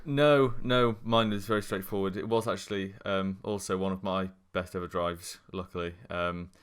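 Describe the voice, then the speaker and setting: Deep, flat-toned young man. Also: normal speed, clear, resonant tone. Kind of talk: casual podcast chat.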